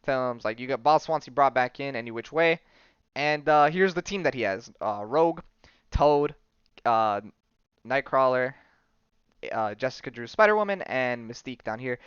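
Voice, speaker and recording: A man's voice: medium pitch, lively intonation, normal speed, fairly bright tone, clear, resonant tone, no room sound, muffled recording. A young man hosting a casual podcast, rambling through a comic book story with laughs and acted-out lines. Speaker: podcast host.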